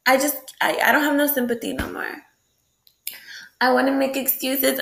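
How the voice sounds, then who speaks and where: A woman's voice: sits high, steady tone, normal speed, creaky, fairly bright tone. A woman ranting in a late-night video, heated and full of profanity, breaking into laughs. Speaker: vlogger. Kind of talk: late-night rant to camera.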